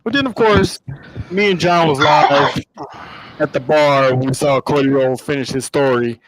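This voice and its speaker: A man's voice: a little high, normal speed, a loud crowd, poor audio. A man co-hosting a podcast, talking in a casual, rambling way with restarts. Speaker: podcast co-host. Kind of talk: casual chat.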